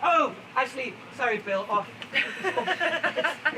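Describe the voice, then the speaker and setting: A fairly high-pitched man performs stories live in an outdoor garden, chatty and theatrical, with laughter never far away. He sounds set back from the mic, and steady background noise runs under his voice. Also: moderate pace. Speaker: storyteller. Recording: distant, noisy outdoor recording.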